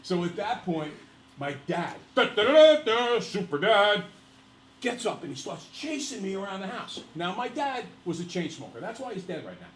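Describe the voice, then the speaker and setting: A male teacher telling a personal story to his class in a lively, laughing way, speaking to the students directly. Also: sits high, fairly quick, echoey room, background noise.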